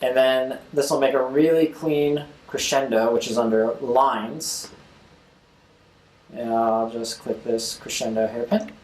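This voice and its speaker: A man's voice: medium pitch, steady tone, a little slow, a little mellow, echoey room, poor audio. A young man hosting a casual screen-recorded music tutorial, talking as he clicks and scatting drum rhythms aloud.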